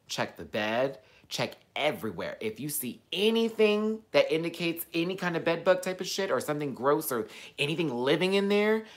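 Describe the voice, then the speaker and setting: A man telling a story as a casual vlog rant, sassy and profane, swinging from loud outbursts to low muttered asides. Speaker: vlogger.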